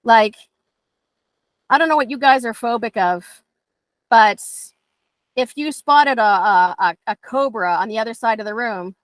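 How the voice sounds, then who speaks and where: Here the middle-aged dog trainer sounds higher-pitched and unhurried, pausing often. She keeps the class casual and chatty, frequently performing her dogs' thoughts in animated voices, and there's no room sound.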